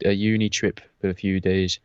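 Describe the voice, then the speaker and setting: A man co-hosts a podcast and tells anecdotes full of swearing. His voice is smooth and resonant. The recording is dry and a little dull. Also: low voice, flat delivery, moderate pace, dry recording. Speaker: podcast co-host. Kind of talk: casual podcast chat.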